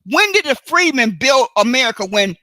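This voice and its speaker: A woman hosting a solo live stream, talking in a deliberate, emphatic way and often stopping to correct and repeat herself. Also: high-pitched, sing-song, pushed and bright, no echo. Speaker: livestream host. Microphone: computer mic for a live stream.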